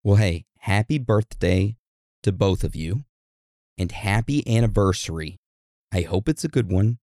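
A low, gravelly man co-hosts a podcast in loose, joking chat. The recording is dry and close, with no room sound at all. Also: expressive, measured pace, darkish tone, no room sound. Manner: laid-back, rambling, joking. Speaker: podcast co-host. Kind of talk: casual chat.

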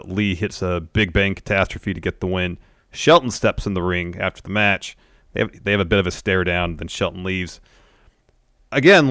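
Male co-host, very low voice, dry sound, plain steady recap delivery. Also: dry recording. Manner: steady recap, then opinions. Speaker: podcast co-host. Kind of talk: casual wrestling recap.

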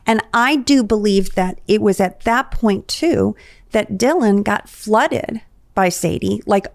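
A woman's voice: mid-range voice, measured pace, creaky, no echo, clean studio sound. A woman therapist, a guest on a podcast, analyzing relationship dynamics in an explanatory, conversational way.

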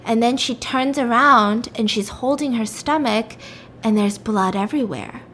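A woman's voice: on the high side, measured pace, a bit bright, slight background noise. A woman casually retelling a story, chatty, with lots of "like" and "you know".

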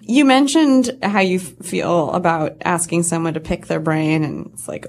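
A woman podcast host who interviews her guest in a casual, affirming, soft-spoken way. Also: fairly low pitch, moderate pace.

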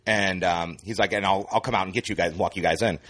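A man's voice: low-pitched, fairly even intonation, quick pace, a bit bright. A man guesting on a podcast, telling a long rambling story in casual chat. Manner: rambling storyteller, many fillers.

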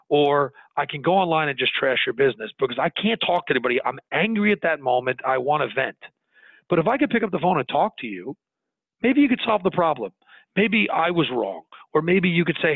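A man, a business owner, talking earnestly in an interview, animated and restarting his sentences as he goes. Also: on the high side, a little fast, breathy edge, no room sound. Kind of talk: conversational interview. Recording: tinny phone-line audio, dry.

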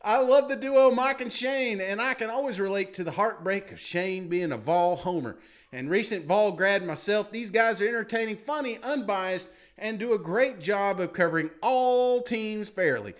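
A man with a notably high voice reads listener reviews aloud on a sports podcast. He tosses in jokey, mock-dramatic asides and laughs often as he goes. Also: normal speed. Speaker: podcast co-host.

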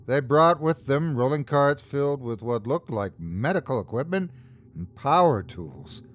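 A man's voice: mid-range voice, lively intonation, a little slow. A man narrating a scripted first-person horror story as podcast host, telling it dramatically.

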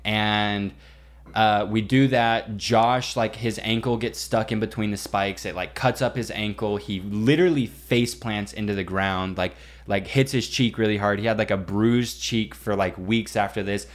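A young man co-hosting a podcast, telling a story in casual chat, animated and full of swearing and "like". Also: fairly low pitch, normal speed. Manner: animated, swearing, heavy use of "like". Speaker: podcast co-host.

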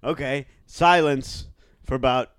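A man co-hosting a comedy podcast, teasing the others and telling deadpan anecdotes in casual banter. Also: medium pitch, measured pace, clear, resonant tone, no echo, studio quality. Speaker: podcast co-host.

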